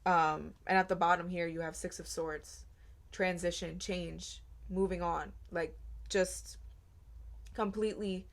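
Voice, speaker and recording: A woman giving a casual tarot reading, earnest and rambling, with many fillers. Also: fairly low pitch. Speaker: tarot reader.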